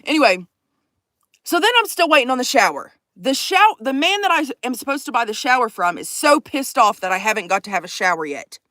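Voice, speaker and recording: A woman telling a profane, animated story to her vlog audience, acting out the people in it. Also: on the high side, a little fast, no room sound. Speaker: vlogger. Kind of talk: casual storytime chat.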